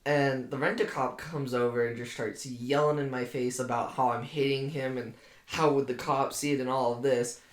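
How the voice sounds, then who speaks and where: This is a young man in a loose chat with friends, spinning a story full of swearing and sarcasm. His voice sits at an ordinary middle pitch. The room around him is noticeably echoey. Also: steady tone, moderate pace. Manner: sarcastic, swears a lot, laughs mid-story. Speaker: podcast co-host. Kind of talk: casual storytelling among friends. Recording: roomy echo.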